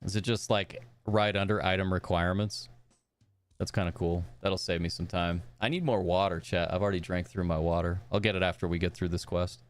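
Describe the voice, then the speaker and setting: A man's voice: sits low, little pitch movement, fairly quick, clean tone, soft background music. A young man streaming a game live, chatting upbeat with his viewers and reading the characters' dialogue aloud in his own voice.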